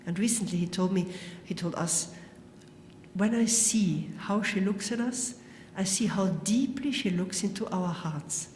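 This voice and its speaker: A woman's voice: mid-range voice, unhurried, darkish tone, slight background noise. A woman giving an earnest spoken testimony, telling stories and quoting others as she goes. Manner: earnest, storytelling, frequent quoting. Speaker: speaker giving a talk. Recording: echoey hall with long reverb.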